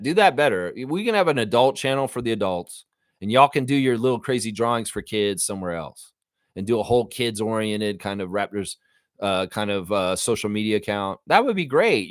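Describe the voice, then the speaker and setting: A man of middle pitch rants on his live fan show, profane and exasperated, firing off one outburst after another. He sits close to the mic in a dry, unechoing room. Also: dry recording. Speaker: sports show host.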